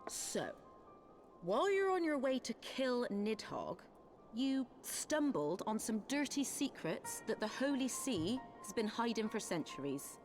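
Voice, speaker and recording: A brusque Scottish rebel leader. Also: female voice, fairly high pitch, sing-song, measured pace, a little mellow. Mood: explaining. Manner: brusque, wry. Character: tough, blunt woman rebel leader. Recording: game music behind. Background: game music.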